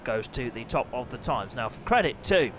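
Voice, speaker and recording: A man hosting a live stream, commentating sim motorbike racing and chatting with viewers, often clearing his throat. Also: mid-range voice, big pitch swings, normal speed, fairly bright tone, a little hiss or hum.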